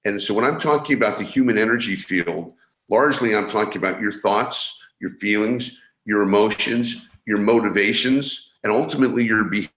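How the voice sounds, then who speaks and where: A man from San Francisco, a guest coach, explaining his ideas in an interview over a video call. He talks in halting bursts, restarting and repeating words. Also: lowish voice, fairly bright tone. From San Francisco, USA. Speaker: guest, energy awareness coach. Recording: echoey room sound.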